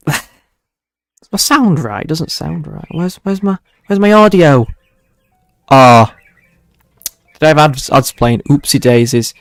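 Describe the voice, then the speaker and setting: A man's voice: mid-range voice, dry recording. A young man hosting a casual livestream weather forecast, chatty and self-mocking, chuckling often as he talks to his viewers.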